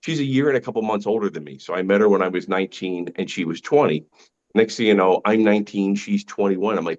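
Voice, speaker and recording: A man's voice: fairly low pitch, fast talker, darkish tone, lo-fi sound. Stammering middle-aged man doing stand-up. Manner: chatty, stammering restarts, punchy delivery. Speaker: stand-up comedian. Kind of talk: stand-up set on a video call. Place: dining room at home. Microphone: video call.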